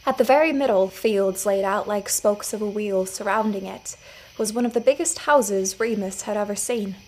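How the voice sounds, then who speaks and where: A woman narrating her own scripted audio fiction story in a measured storytelling manner. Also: medium pitch, darkish tone, low-quality recording. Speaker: writer and narrator.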